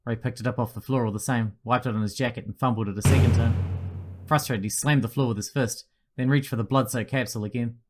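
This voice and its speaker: A man's voice: medium pitch, fairly even intonation, fast talker, music in the background. A man reading a text story game aloud, with blunt swearing asides. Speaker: let's-play narrator.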